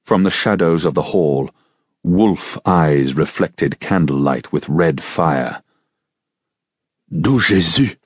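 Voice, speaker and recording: An audiobook narrator with an extremely deep, husky male voice reads a novel from a script at a measured, steady pace. The recording is close-miked and dry, with no room sound at all.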